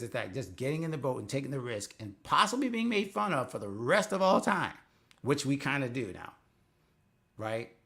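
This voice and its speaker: A man's voice: mid-range voice, vocal fry. A man hosting a faith-based coaching live stream, talking earnestly and conversationally, rambling with restarts. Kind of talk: casual live-stream talk.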